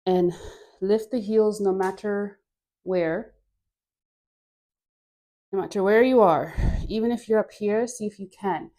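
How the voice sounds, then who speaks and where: A woman guiding a dance class, coaxing and playful, with breathy sighs and frequent laughs between cues. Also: medium pitch, slow, long pauses, mellow. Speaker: dance instructor.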